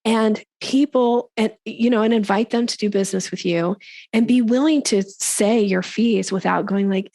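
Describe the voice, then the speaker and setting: A middle-aged woman coaching on sales in a relaxed interview, with a gravelly edge in her voice. She speaks with emphasis and jumps into a lifted voice to mimic other people. The sound is dry and close. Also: moderate pace, no echo. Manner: emphatic, acts out quoted speakers in a higher voice. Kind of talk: casual interview conversation.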